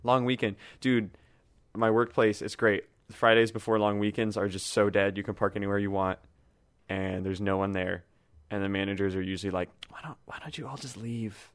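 A young adult man hosting a casual gaming podcast, chatty and relaxed, laughing easily. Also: lowish voice, normal speed, clean tone, no echo. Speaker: podcast host.

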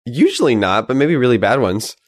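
A man's voice: mid-range voice, very animated, a little fast, no echo, studio quality. A man hosting a podcast, chatting in an upbeat, joking way. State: recovering from a cold. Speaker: podcast host. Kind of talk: casual podcast chat.

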